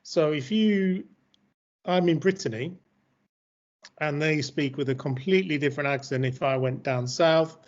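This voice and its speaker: A man's voice: fairly high pitch, normal speed. A man hosting a casual chat and leading the questions. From Yorkshire, England. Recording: dull lo-fi call audio.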